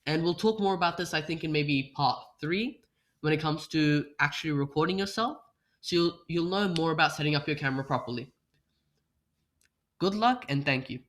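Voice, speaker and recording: The voice is a young man's, somewhat high and a bit bright, delivered at an ordinary pace. He's presenting a workshop on an online call, asking rhetorical questions about speech practice and showing how a voice can be altered, all captured by a computer mic without a webcam.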